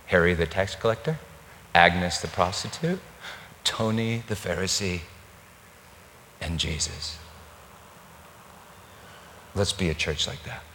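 A male pastor preaching with animated storytelling and a pitch that swings widely as he acts out the voices. His voice rings with long reverb through a large church hall. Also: slight background noise. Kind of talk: sermon storytelling.

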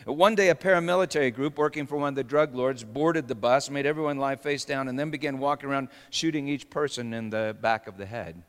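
A man preaching a sermon with dramatic swings between hushed storytelling and sudden shouts. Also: medium pitch, a little fast, hardly any pauses. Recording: long reverb of a large hall.

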